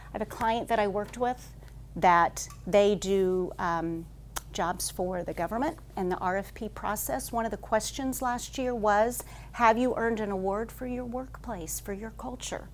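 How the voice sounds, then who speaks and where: A woman HR consultant gives a conference talk to a live audience, telling lively stories at a rapid clip with frequent "um" fillers. She says she talks like an auctioneer, and her voice is mid-range.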